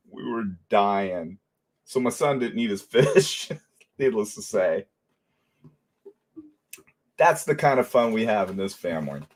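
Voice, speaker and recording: A middle-aged man hosting a casual livestream, telling animated stories and laughing often. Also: fairly low pitch. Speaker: livestream host.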